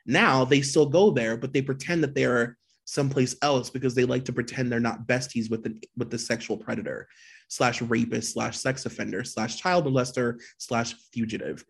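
Man, podcast co-host, husky, mocking read-aloud, casual gossip chat. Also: medium pitch, normal speed. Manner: reads aloud in an exaggerated, mocking tone, laughs easily. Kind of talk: reading blind items and casual chat.

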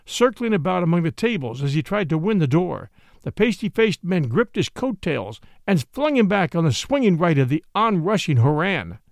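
A man reading a classic short story aloud as narrator, with an expressive, dramatic delivery. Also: high voice, no room sound, clean studio sound.

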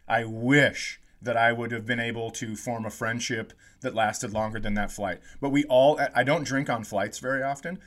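A man hosting a comedy podcast, telling a story in a casual, animated way and acting out what people said. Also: mid-range voice. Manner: animated storyteller, acts out quotes, laughs often.

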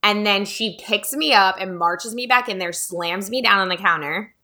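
A woman's voice: mid-range voice, normal speed, pushed and bright. A woman in her thirties, a podcast host chatting casually and telling a childhood story, acting out the voices of the people in it. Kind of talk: casual chat.

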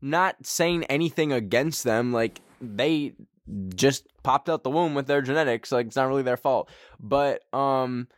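A man's voice: a little slow, no echo, studio quality. Rambling man hosting a solo podcast. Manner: rambling, self-mocking, with sudden jumps in pitch. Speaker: podcast host. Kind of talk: casual solo podcast chat. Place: friend's darkened bedroom.

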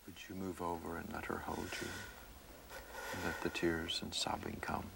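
A male therapist softly urging a participant on during a counseling exercise, giving short commands. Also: low voice, completely flat delivery, normal speed, vocal fry. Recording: distant, noisy room mic.

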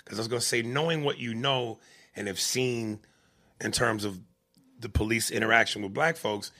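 A man's voice: medium pitch, normal speed, pushed and bright. A man hosting a casual chat, probing his guest with pointed questions.

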